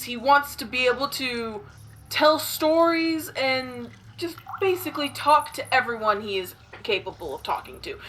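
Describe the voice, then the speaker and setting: A woman's voice: a little high, bright, forceful tone. A woman playing a tabletop role-playing game, narrating her character's actions in a playful, improvising way. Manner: playful, giggly, improvising aloud. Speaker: player.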